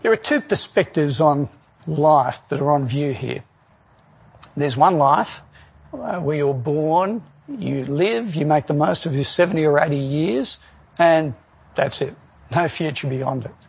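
Man preaching, husky and gravelly, earnest, rhetorical questions, dull lo-fi sound. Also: a little high, a little slow. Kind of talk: sermon.

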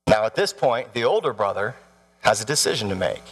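A man's voice: on the low side, animated, brisk, fairly bright tone, slightly rough. A man in his thirties preaching a sermon, telling a story with animation and asking the congregation questions. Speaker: pastor. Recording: long hall reverb.

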